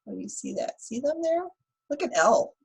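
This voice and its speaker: A woman teacher reading a picture book aloud to young children, animated and asking them questions. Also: high voice, normal speed, vocal fry, low-quality recording. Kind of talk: children's read-aloud lesson.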